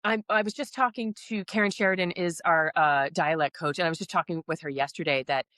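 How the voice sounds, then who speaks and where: A woman actor chatting casually in an interview, animated and laughing often as she quotes herself. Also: lowish voice, a little fast, dry recording, studio quality. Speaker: actor in a stage musical.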